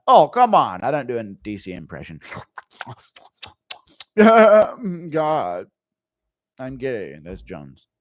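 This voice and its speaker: A man on a casual live stream, jokey and offhand as he reads donations aloud. His pitch sits mid-range but jumps around a lot. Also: no echo, studio quality.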